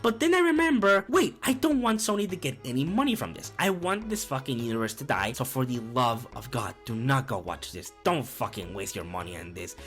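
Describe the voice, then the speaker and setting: A young male film reviewer talks in a casual, opinionated way, with frequent swearing and laughter. His pitch moves around a lot as he rants. Faint music plays behind him. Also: fairly quick, hardly any pauses. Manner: animated, profane, laughs often.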